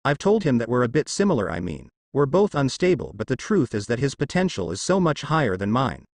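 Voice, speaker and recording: A man's voice: mid-range voice, big pitch swings, a little fast, gravelly, no echo. A man voicing a kind, earnest young male ninja teacher in his twenties in a fan story reading.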